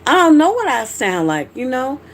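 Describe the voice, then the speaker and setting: A middle-aged woman from Georgia, USA, hosts a casual livestream in a Southern accent, speaking frankly to viewers and reacting to what they write. Her voice sits high with big pitch swings at a moderate pace, plus a little hiss or hum.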